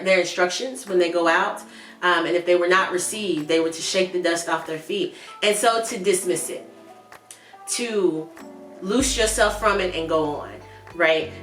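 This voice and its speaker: A woman teaching a Sunday school lesson in a conversational way, talking earnestly and directly to her viewers. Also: fairly low pitch. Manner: earnest, warm laughs at asides, talks directly to viewers. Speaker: Bible study teacher. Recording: roomy, from a distance, with soft music behind. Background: faint background music.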